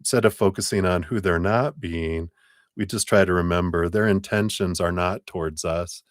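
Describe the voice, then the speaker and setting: A man's voice: deep voice, normal speed, dry recording, studio quality. A man giving a live tarot reading in a chatty way, laughing often and acting out little quoted voices. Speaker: tarot reader.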